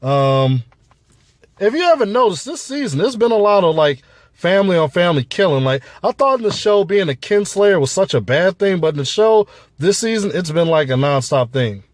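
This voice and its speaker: A man talking through a TV episode in a loose, rambling way, swearing freely and filling gaps with ums and likes. His voice sits slightly high for a man. The sound is dry and close, with no room echo. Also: very animated, normal speed. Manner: loose, profane, rambling with fillers. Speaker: show reviewer. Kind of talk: casual spoken review.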